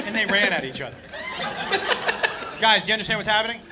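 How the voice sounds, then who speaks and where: A man doing stand-up comedy, telling a story in an excitable, profane, animated way. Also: high voice, quick pace. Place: comedy club stage. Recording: live club, loud crowd and noise. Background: audience laughter and noise.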